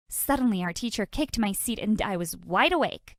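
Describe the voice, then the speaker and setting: A woman narrating an animated story in the first person, dramatic and sarcastic. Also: mid-range voice, normal speed, hardly any pauses, no room sound, studio quality.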